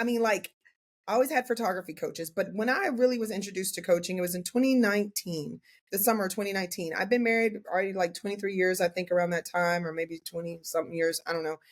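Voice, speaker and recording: Woman in her forties as podcast guest, candid and animated storyteller, mid-pitched voice. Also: fast talker. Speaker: podcast guest, portrait photographer. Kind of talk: casual interview chat.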